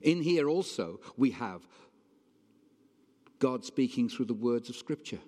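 A male preacher gives a sermon in an easy, conversational manner and keeps checking in with his listeners. His voice sits at a middle pitch. It carries through a church hall with a long reverb. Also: animated, a little slow, mellow. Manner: conversational, emphatic, asks the congregation questions.

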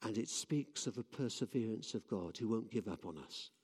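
A man's voice: lowish voice, lively intonation, normal speed, a little mellow, breathy edge. A man giving a sermon, telling stories earnestly with frequent restarts, in a church. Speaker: preacher. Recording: long reverb of a church hall.

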